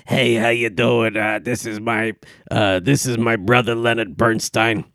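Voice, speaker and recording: A man putting on the voice of a brash old-time male stand-up comic, delivered haltingly. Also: fairly low pitch, little pitch movement, a bit bright, no echo, studio quality, pitched below the performer's own voice.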